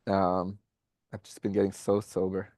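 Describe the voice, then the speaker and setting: A man with a New York accent, a podcast guest telling a personal story in a candid, animated way, acting out what people said. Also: sits low, normal speed, no room sound, studio quality. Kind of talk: casual storytelling.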